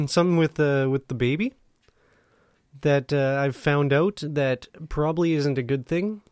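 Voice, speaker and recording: Man, podcast co-host, rambling and jokey, bit high voice, dry sound. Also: darkish tone, clean tone, dry recording. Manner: rambling, laughs often, throws in quick jokes. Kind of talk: casual comedy chat.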